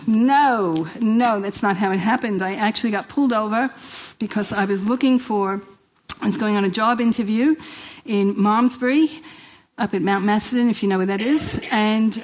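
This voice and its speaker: A middle-aged woman from New York with a New York accent, giving a lively personal testimony at a women's church event and acting out the dialogue in her stories. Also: mid-range voice, moderate pace, poor audio. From Queens, New York. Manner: lively storyteller who acts out quoted dialogue and laughs often.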